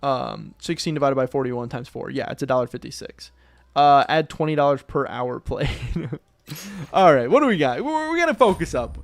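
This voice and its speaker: A man's voice: medium pitch, lively intonation, moderate pace, gravelly, dry recording. A young man streaming live, chatting casually and thinking aloud as he goes, often correcting himself.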